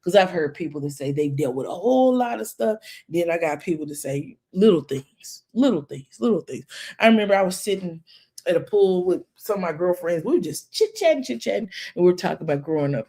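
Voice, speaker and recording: A woman's voice: fairly low pitch, a little fast, husky. A woman, talking casually to her viewers, preachy and folksy, who keeps calling them baby. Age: 40s. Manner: preachy, animated, folksy, calls listeners baby. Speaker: commentary channel host. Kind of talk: casual commentary with storytelling.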